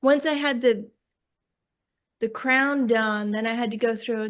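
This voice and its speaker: A woman poet with a New York accent, talking casually about her book in an interview, often pausing and restarting as she searches for words. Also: a little high, steady tone, a bit bright.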